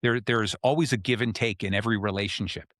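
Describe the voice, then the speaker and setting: A man with a fairly low voice talks through self-help ideas in a relaxed, explanatory way, pausing often to ask "okay?". The recording is close and dry, with almost no room sound. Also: dry recording. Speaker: podcast host. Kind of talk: casual self-help talk.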